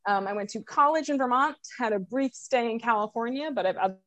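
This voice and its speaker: Woman from new york guest, slightly high voice, dry close sound, wry and friendly. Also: fairly quick, fairly bright tone, dry recording. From New York City and rural New Jersey. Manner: friendly, wry, talks in long stories. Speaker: podcast guest. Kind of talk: casual interview chat.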